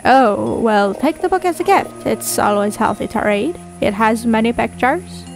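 A polite, soft-spoken little toad gentleman, voiced by a woman in a game playthrough. He speaks kindly and courteously, a touch lower than her own high register. Faint game music hums underneath. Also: lively intonation, unhurried, vocal fry, rough recording.

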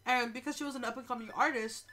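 Young woman streamer with a cold, lightly high and bright, lively and profane. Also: fast talker. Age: young adult. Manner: animated, joking, swears a lot. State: sick and stuffed up. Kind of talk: live game stream with commentary. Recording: faint game music behind.

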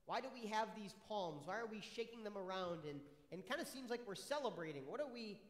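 A high-pitched man leads a children's sermon as a pastor, upbeat and friendly, asking the kids question after question. His voice rings through a roomy church sanctuary with a long, echoing reverb. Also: lively intonation, fairly quick.

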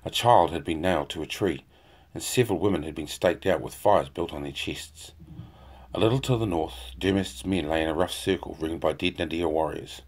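A man reading a fantasy novel aloud in a steady, unhurried voice. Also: low-pitched. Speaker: audiobook narrator.

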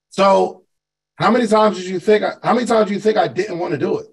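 A man with a fairly high, gravelly voice gives a motivational talk to a live call audience. He speaks conversationally, asks his listeners questions and repeats himself for emphasis. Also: fast, poor audio. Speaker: host and business coach.

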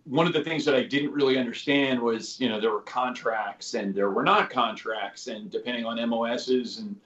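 A man's voice: mid-range voice, moderate pace, fairly bright tone. A man in his fifties, a guest telling stories in a casual interview, rambling with lots of "you know" and "like" and casual swearing. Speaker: guest, former special operations soldier. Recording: roomy, slightly dull podcast audio.

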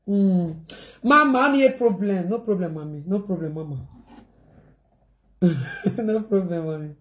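A woman's voice: on the low side, measured pace. A woman with a Nigerian accent talking casually to her viewers in a rambling, repetitive way, mixing in pidgin phrases.

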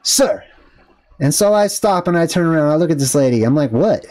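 A man's voice: on the high side, expressive, quick pace, warm tone. Indignant rambling man with a raised voice. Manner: indignant, rambling, full of fillers and asides. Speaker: vlogger. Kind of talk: casual ranting storytelling.

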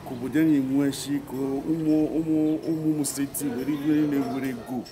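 A man explaining a community training program in an unhurried manner, mixing Igbo with English. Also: mid-range voice, steady tone, a crowd in the background. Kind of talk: community speech.

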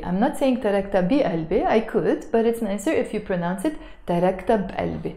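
A woman with a Lebanese accent walks learners through phrases, saying each one slowly, repeating it and translating it. Her voice is mellow and rounded, and the room gives it a clear echo. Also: medium pitch. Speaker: language teacher.

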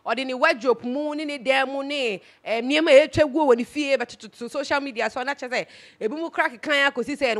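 A Ghanaian woman talking through celebrity gossip in a casual, emphatic way, sliding between Twi and English. Her voice sits a little high. She keeps an easy, chatty flow as the host. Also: a little fast, fairly bright tone.

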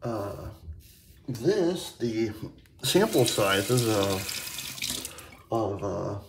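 A slow-talking man with a gravelly, creaky voice rambles through a casual shaving vlog, stopping and restarting often. He sits some distance from the mic in an echoey bathroom with faint tap water behind him. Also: on the low side, big pitch swings, background noise. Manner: rambling, halting, many fillers and restarts. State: hiccups. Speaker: shaving video host. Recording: echoey room, mic set back.

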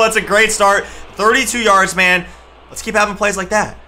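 Casting: young male gaming YouTuber, high, very bright voice, hypes up every big play, light background noise. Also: normal speed. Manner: excitable, trash-talking, shouts at big plays. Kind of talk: gameplay commentary.

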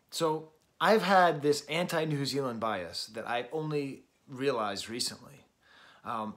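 A man talks through an album review at home while exercising. His voice sits at a plain middle pitch, and he hesitates often with ums and soft chuckles as he goes. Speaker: host and record reviewer. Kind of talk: casual album review monologue.

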